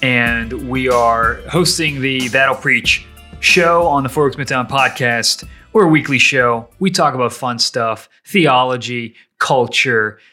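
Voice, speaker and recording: A man with a bright, forceful voice co-hosts a casual podcast. He jokes around and teases his co-host in easy, relaxed chat. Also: medium pitch, slow pace, faint music behind. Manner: playful, jokey, teasing.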